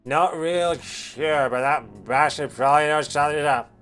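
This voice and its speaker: A man's voice: on the high side, unhurried, fairly bright tone, clear, resonant tone, faint music behind. A man voicing a drunk, brash female reporter, reading game dialogue aloud in a slurred put-on drunk voice. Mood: grumbling drunk.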